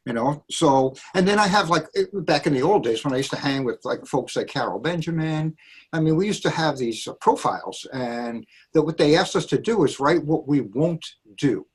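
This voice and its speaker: A man on a dog trainers' panel, chatting casually and telling animated stories, acting out the people he quotes. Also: fairly high pitch, moderate pace, slightly rough. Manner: animated storyteller, acts out quotes.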